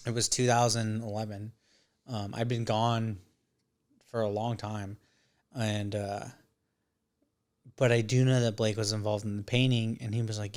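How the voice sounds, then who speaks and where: A man's voice: on the low side, little pitch movement, unhurried, long pauses. A man in his thirties telling a long rambling story in casual chat, swearing often and acting out what others said. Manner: profane, rambling, acts out quotes. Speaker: podcast guest.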